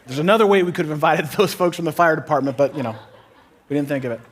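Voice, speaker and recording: A man preaching a sermon to a church congregation, energetic and repeating phrases for emphasis, sometimes rising to near-shouts. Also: fairly high pitch, fast, some chatter behind. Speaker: pastor. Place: church auditorium before a congregation.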